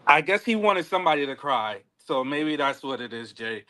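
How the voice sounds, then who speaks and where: Animated bright-voiced man recapping with laughter. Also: a little high, moderate pace. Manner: animated, laughs often, repeats words. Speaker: podcast co-host. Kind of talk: casual reality-show recap chat.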